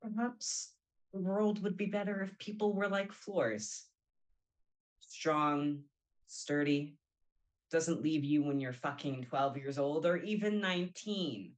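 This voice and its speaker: A woman's voice: low voice, steady tone, slow pace, poor audio. A young woman playing a bitter, abandoned young woman in a brooding stage monologue.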